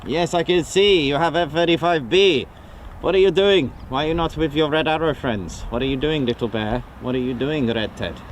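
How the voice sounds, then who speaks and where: A man's voice: on the high side, slight background noise, lightly acted. A man putting on a mock German accent to play a bossy German man who fires off questions and orders, recorded outdoors. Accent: put-on German. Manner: bossy, questioning, slow and deliberate. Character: blustering German man bossing people about. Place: outdoors by an airfield.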